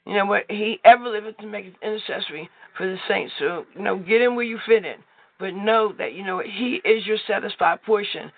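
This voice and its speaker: A man's voice: sits high, fairly quick, no echo. A man leading a prayer call, preaching informally in a rambling way, full of filler phrases. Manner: rambling, heavy with "you know what" fillers. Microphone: telephone. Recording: tinny phone line.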